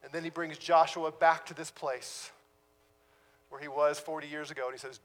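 A man, a pastor, preaching a sermon with dramatic pauses and sudden drops to a hush. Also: fairly high pitch, fairly even intonation, long reverb tail.

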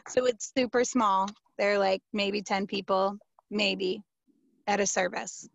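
A woman pastor answering interview questions, telling a story in an animated, emphatic, casual way with many fillers. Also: medium pitch, takes it slowly, vocal fry, no room sound, highs cut off.

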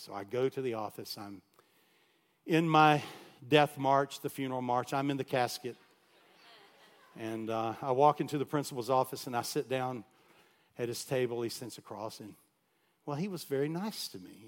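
Man telling a sermon story, loud to hushed. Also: mid-range voice, normal speed, long pauses. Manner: animated, swings from loud to hushed. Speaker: pastor.

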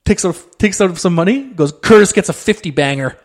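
Telling a story during a casual podcast chat, this co-host speaks a little fast in a high, animated voice. He acts out the quotes and swears freely.

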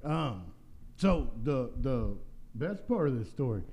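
A man's voice: medium pitch, sing-song, slow, a little mellow. A middle-aged man co-hosting a podcast, chatting casually with short affirmations and dry jokes. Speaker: podcast co-host. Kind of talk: casual chat.

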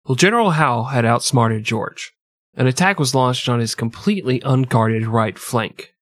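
A man's voice: medium pitch, normal speed, a bit bright, no echo, clean studio sound. A young man co-hosting a casual comedy history podcast, telling the story with crude jokes and frequent laughter. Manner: joking, crude, laughs often. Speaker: podcast co-host narrating history.

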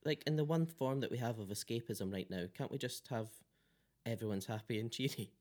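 A man chatting casually as a podcast co-host. His voice sits at an ordinary middle pitch. He talks in a jokey, rambling way, with plenty of filler words. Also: fairly quick, a little mellow. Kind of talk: casual chat.

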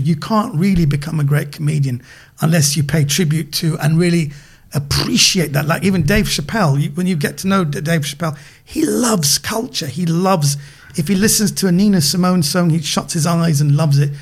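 Husky british guy, animated, telling stories, bit high voice. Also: normal speed. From Britain. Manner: animated storyteller, repeats words when excited. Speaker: guest comedian. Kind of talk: casual podcast chat.

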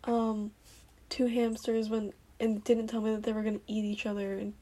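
A woman's voice: medium pitch, level tone, moderate pace, dark tone. A young woman co-hosting a casual livestream chat, telling stories animatedly and asking emphatic questions. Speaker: livestream co-host.

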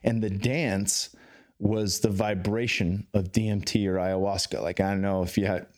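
A man's voice: on the low side, little pitch movement, normal speed, a little mellow. A man from the Bay Area in California, a podcast guest talking casually and at length, loose and rambling with fillers and restarts. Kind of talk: casual conversation.

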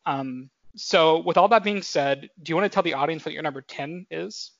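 In a casual podcast chat, a twenty-something male co-host talks at a moderate pace with a gravelly voice pitched somewhat high for a man. His speech wanders, full of fillers and self-corrections. The recording is dry and a little dull, without room sound.

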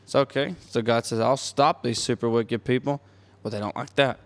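A man's voice: medium pitch, steady tone, moderate pace. Earnest plain-spoken man. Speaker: podcast co-host. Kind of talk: casual religious discussion.

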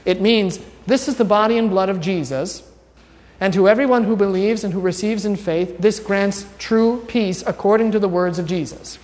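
A man's voice: sits high, normal speed, a little mellow. A man, a pastor, giving a conversational teaching sermon, quizzing his congregation with an informal, wry manner. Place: church sanctuary. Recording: long church reverb.

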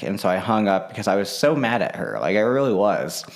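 A man's voice: lowish voice, expressive, a little fast. A man in a casual vlog monologue, rambling with lots of fillers and restarts.

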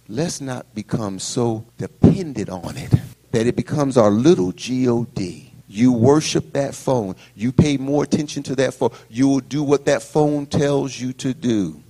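A middle-aged man pastor preaching a sermon in a lively, folksy storytelling style. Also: mid-range voice, husky.

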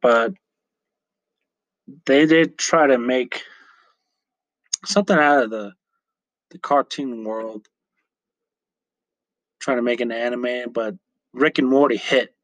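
Guy rambling slowly on his own podcast, lots of ums, dry close mic sound. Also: medium pitch, dry recording. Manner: rambling, chatty, self-correcting with frequent fillers. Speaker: podcast host. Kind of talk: casual solo podcast chat.

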